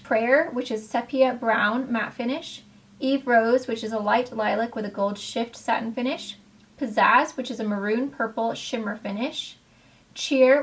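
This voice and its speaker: A woman beauty vlogger reviewing makeup palettes to camera in a bubbly, gushing, chatty way. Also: a little high. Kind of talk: casual product review to camera.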